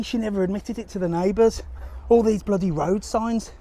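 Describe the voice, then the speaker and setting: A talkative man rambles through stories as he walks outdoors, laughing now and then. His voice sits a little high for a man. A faint hum of the street runs behind him. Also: normal speed, mellow. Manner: chatty, rambling storyteller, laughs often. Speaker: travel vlogger. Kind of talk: casual live-stream chat. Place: outdoors walking by a harbour.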